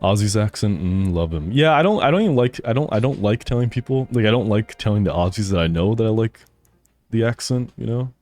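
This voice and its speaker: A man's voice: on the low side, animated, a little fast, a little mellow, dry recording, soft background music. A man streaming a game, chatting casually with his chat, laughing often and swearing freely. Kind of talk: casual live-stream chat while gaming.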